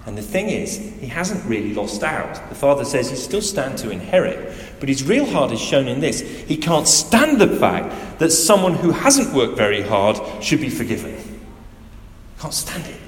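A man delivers a sermon with a lively, rising-and-falling voice, pressing points home and asking the congregation questions. His words echo around a big hall with a long reverb tail and faint room noise behind. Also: mid-range voice, moderate pace. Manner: animated, emphatic, asks the listeners direct questions. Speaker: preacher. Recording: echoey hall with faint ambience.

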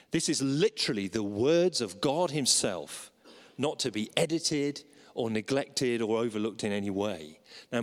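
A man preaching a sermon, animated and acting out the voices he quotes. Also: medium pitch. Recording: long reverb of a large hall.

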